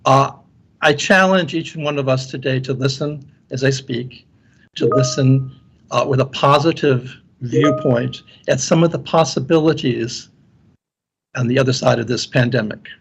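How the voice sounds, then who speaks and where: A man's voice: mid-range voice, unhurried, gravelly, breathy edge. A man lecturer giving an earnest conference keynote talk, often repeating words as he restarts his sentences. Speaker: guest speaker and university lecturer.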